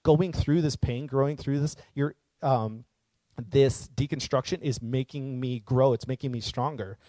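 A man's voice: mid-range voice, steady tone, measured pace, warm tone, no room sound. A man giving an earnest, casual reflective monologue, rambling a little with fillers and restarts.

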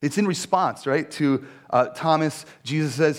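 A man's voice: a little high, unhurried. A man in his forties, a pastor giving a conversational sermon, telling stories with frequent "right?" asides. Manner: conversational, animated storytelling with many "right?" asides.

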